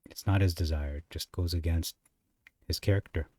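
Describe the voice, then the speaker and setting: A man's voice: low voice, steady tone, normal speed, a little mellow, breathy edge, far from the mic. A man teaching scripture, reading verses aloud and explaining them with rhetorical questions. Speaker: Bible teacher. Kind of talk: unscripted scripture commentary.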